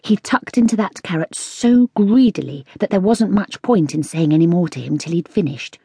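A woman narrating a children's storybook in a lively, expressive reading. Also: on the low side, moderate pace, breathy edge, dry recording, studio quality. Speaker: audiobook narrator.

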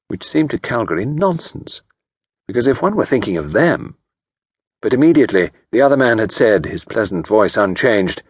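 Man reading a mystery audiobook, low-ish voice, dry studio sound, close mic. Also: breathy edge, dry recording. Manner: measured, expressive reading. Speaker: audiobook narrator. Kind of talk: scripted narration of a classic mystery.

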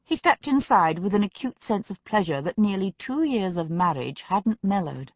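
A woman narrating an audiobook in a measured storytelling manner. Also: medium pitch, sing-song, no echo, highs cut off. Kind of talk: scripted narration.

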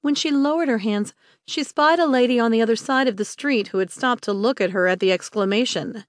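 A woman narrates an audiobook with lively, expressive delivery. Her voice is somewhat high. The recording is close and dry, with no room echo.

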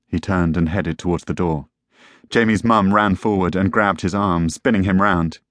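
A man's voice: low-pitched, normal speed, fairly bright tone, dry recording. A man narrating a tense story as an audiobook reader. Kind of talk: scripted narration.

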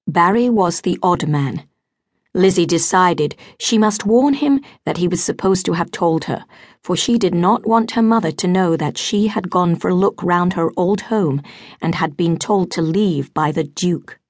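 A woman narrating a historical romance audiobook in a measured, even way, recorded close in a studio. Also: on the low side, no echo. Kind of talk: scripted narration.

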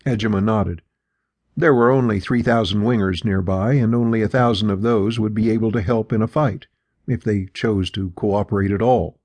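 A man reading a fantasy story aloud in a steady narrator's voice. His tone is gravelly and husky, and the recording is dry and close with no room sound. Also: lowish voice, moderate pace, dry recording. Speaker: audiobook narrator. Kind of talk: scripted narration.

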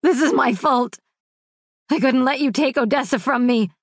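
A woman voicing a volatile young man in an audiobook, shouting raw and tearful. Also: high-pitched, moderate pace, dry recording, studio quality, voice pushed up. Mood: furious anguish. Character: enraged grieving young man, volatile dragon brother.

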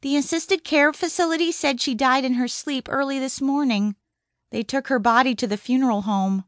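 A woman narrator voicing a gentle, grieving woman of about sixty who speaks softly and pleadingly. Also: high voice, moderate pace, dry recording, clean studio sound, natural voice. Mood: somber. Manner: soft and pleading. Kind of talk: audiobook character reading.

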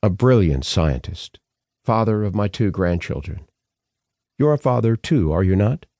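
A male audiobook narrator voices a wealthy old professor, formal and blunt, in clipped, higher-pitched sentences that still rest on his deep base voice. The delivery is sing-song and unhurried with a dark tone, recorded close and dry with no echo.

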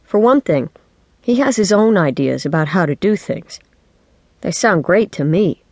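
A woman's voice: on the low side, expressive, unhurried, a little mellow, no room sound. Woman narrating a kids' audiobook. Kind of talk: first-person children's audiobook narration. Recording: dry studio audiobook.

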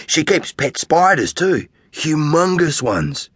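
A man's voice: fairly high pitch, sing-song, takes it slowly, a bit bright, slightly rough, dry recording, voice pushed up, exaggerated voice. A man voicing an eager, gossipy young schoolgirl skateboarder in an audiobook. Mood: excited.

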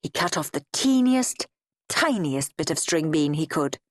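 English woman, expressive children's audiobook narrator, slow, very lively delivery. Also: sits low, background noise. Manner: playful, relishing the comedy, theatrical.

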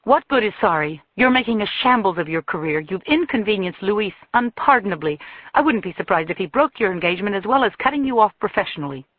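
A woman's voice: mid-range voice, animated, fast talker, no echo, close to an everyday voice. A woman narrator voicing a cold, demanding mother who scolds her grown violinist daughter, in an audiobook. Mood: scolding. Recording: thin phone-like dry sound.

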